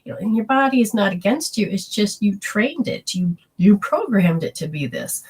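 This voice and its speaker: A woman's voice: mid-range voice, lively intonation, moderate pace, a little mellow, husky. A woman giving an earnest spiritual healing talk, telling personal stories and acting out inner voices in quotes.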